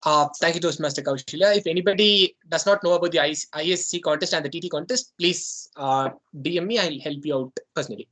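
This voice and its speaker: A man's voice: fairly high pitch, quick pace, hardly any pauses, a bit bright. A man with an Indian English accent, the club president chairing an online meeting in a rambling, conversational way with many fillers.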